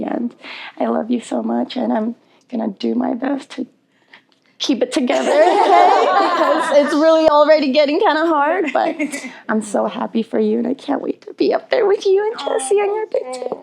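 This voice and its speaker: A woman gives an emotional, heartfelt message to the bride. Her voice sits slightly high. A gravelly fry runs through her words. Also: normal speed, a little mellow. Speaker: wedding officiant and friend.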